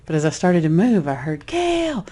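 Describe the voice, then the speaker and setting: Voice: mid-range voice, brisk. Chatty spiritual speaker telling a story, restarts a lot, does little voices. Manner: animated, acts out voices in the story; rambling, with frequent restarts. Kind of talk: casual personal storytelling.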